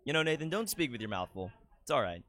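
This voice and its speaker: A man's voice: medium pitch, very animated, fast, a bit bright. A man calling a baseball game play by play, with dry, teasing banter with his partner between the plays. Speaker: play-by-play commentator. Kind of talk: live baseball commentary.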